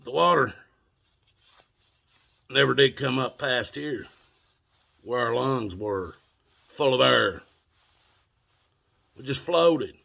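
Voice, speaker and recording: Brief: plainspoken Appalachian man spinning a yarn, drawled and unhurried, crisp bright edge. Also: medium pitch. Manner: drawling, plainspoken, cusses casually. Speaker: storyteller. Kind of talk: folksy storytelling monologue.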